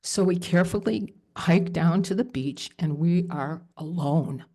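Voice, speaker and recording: Mellow-voiced woman telling a story. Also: fairly low pitch, a little slow. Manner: animated, emotional retelling with fillers. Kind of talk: personal storytelling at a live event.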